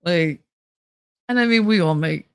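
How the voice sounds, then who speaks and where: On a livestream, a woman with a New Jersey accent casually rambles and laughs a lot. She speaks unhurriedly in a lowish, clean voice that's a little nasal from a stuffy nose, with no room sound.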